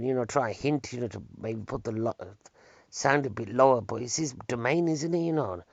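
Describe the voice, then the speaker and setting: A man telling rambling comic stories, with wry deadpan asides and rhetorical questions. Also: mid-range voice, brisk, vocal fry, no echo. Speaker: comedian. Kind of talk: rambling comic storytelling monologue. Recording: dull lo-fi recording, dry.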